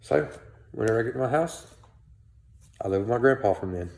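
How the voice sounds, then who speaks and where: A man's voice: mid-range voice, lively intonation, a little fast, vocal fry, a little mellow, echoey room. A man telling his own life story bluntly, with plenty of profanity. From South Carolina, US. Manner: candid, blunt, laced with profanity. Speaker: storyteller, show host. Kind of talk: personal storytelling.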